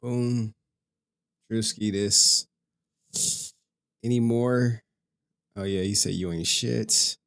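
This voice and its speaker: A man's voice: on the low side, steady tone, extremely slow, gravelly, long pauses, a bit bright, smooth. A man hosting a livestream, chatting casually and rambling to his viewers with frequent laughs. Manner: rambling, laughs often, talks to chat. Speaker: livestream host. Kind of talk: casual stream chat.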